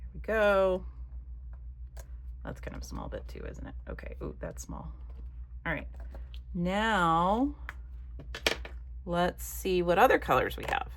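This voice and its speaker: Lady crafting at home, kinda low voice, just chatting and rambling, mutters stuff under her breath. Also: big pitch swings, takes it slowly, vocal fry, pauses often, a little hiss or hum. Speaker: craft vlogger. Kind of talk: casual chat while crafting.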